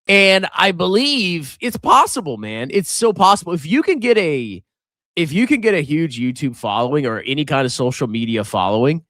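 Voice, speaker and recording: A man's voice: on the high side, big pitch swings, moderate pace, fairly bright tone, no echo, clean studio sound. A middle-aged man hosting a finance livestream, chatting casually and sarcastically, mocking viewers and putting on silly voices. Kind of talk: casual livestream chat reading superchats.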